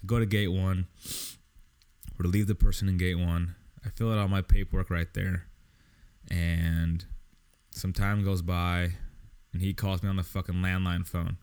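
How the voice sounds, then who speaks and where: Deep-voiced man in a profane rant. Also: flat delivery, a little slow, a little mellow, clear, resonant tone. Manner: profane, exasperated, lots of swearing. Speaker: podcast host. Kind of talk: casual storytelling rant.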